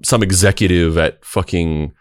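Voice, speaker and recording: A man's voice: sits low, moderate pace, smooth, no room sound. A man hosting a podcast in casual chat, rambling, with many restarts and "like"s as he thinks aloud. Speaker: podcast host.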